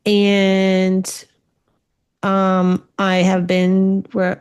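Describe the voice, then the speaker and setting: A woman's voice: mid-range voice, fairly even intonation, moderate pace, a little mellow. A woman in her forties hosting a podcast as a spiritual medium. She tells stories in a chatty, casual way and swears freely. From Ontario, Canada. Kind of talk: casual solo podcast chat.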